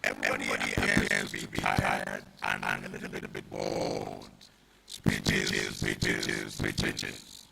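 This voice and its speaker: A man's voice: rumbling low, huge pitch swings, moderate pace, vocal fry. A man making formal announcements at an event, with a wry touch. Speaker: event presenter. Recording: loud noisy event recording.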